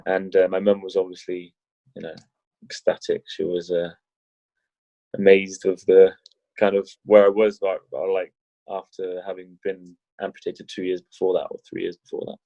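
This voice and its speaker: A low-voiced man rambling through a casual podcast interview, full of restarts and jokes. The sound is dry and dull, like lo-fi podcast audio. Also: monotone, moderate pace, dark tone, dry recording. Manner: rambling, many restarts and fillers, jokey. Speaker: podcast guest, wheelchair rugby league player.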